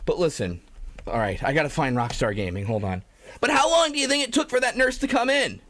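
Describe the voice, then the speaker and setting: A man's voice: sits high, sing-song, a little fast, sharp tone. A man live streaming, ranting in a rambling, profane, self-pitying way and breaking into laughter. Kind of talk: comedic live-stream rant.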